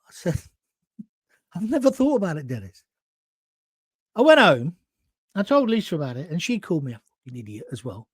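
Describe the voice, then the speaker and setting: A man's voice: a little high, huge pitch swings, normal speed, long pauses, breathy edge, dry recording, studio quality. A middle-aged man hosting, telling a rambling story with frequent swearing, restarts and asides. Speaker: host. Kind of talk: casual storytelling monologue.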